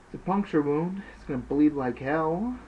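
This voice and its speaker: A man voicing a gruff, tough-talking priest who speaks in a blunt, folksy way. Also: a little high, normal speed, voice pushed up, lightly acted. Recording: dull lo-fi with faint hiss.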